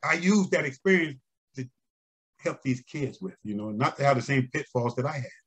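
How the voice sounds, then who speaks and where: Older male guest, mid-pitched, animated storyteller, chuckles often. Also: normal speed, breathy edge. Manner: animated, chuckling, acts out quoted voices. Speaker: interview guest, former umpire and scout. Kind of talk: conversational storytelling.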